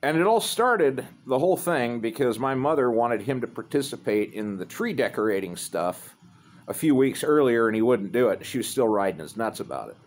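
A man's voice: medium pitch, lively intonation, normal speed. Profane man telling a rambling story. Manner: profane, rambling, laid-back. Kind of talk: casual storytelling.

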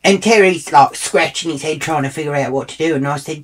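A woman's voice: sits low, a little fast, husky. A middle-aged woman with an Australian accent telling a comic story in a brash, foul-mouthed, indignant way. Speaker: comedic storyteller. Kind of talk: comic monologue.

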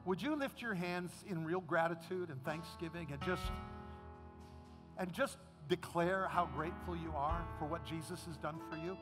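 A man's voice: on the high side, moderate pace, music in the background. A man preaching a sermon as pastor, then leading the congregation in an emotional prayer. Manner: impassioned preaching, rising to a shout.

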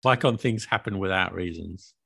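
Low gravelly-voiced joking British man. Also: normal speed, bright, forceful tone, no echo, studio quality. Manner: joking, teasing, laughs often. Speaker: podcast co-host. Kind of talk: casual chat.

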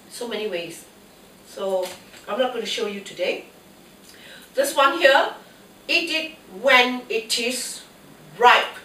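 A woman's voice: fairly high pitch, bright, forceful tone. Chatty woman with a cold, echoey kitchen. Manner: chatty, talks to herself as she works. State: has a cold. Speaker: home cooking host. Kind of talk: casual kitchen demonstration. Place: home kitchen, alone. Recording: echoey kitchen, mic at a distance, faint noise.

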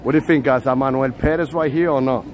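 On a handheld phone at night, a Puerto Rican man live-vlogs as he walks city streets, bantering with viewers and bursting into loud shouts of names. He talks fast in a mid-range voice with fairly even intonation, against faint outdoor street and traffic noise.

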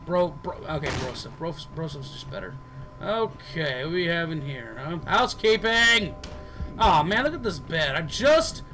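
A let's player provides casual, goofy gameplay commentary, cracking jokes and chatting to the characters on screen. His voice is fairly high-pitched, and the audio quality is poor.

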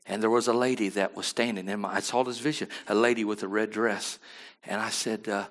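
A man preaching a sermon as pastor, dropping to quiet asides and then rising to loud emphatic lines, often asking the congregation to agree. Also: steady tone, brisk. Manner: swings from low murmurs to loud emphatic bursts.

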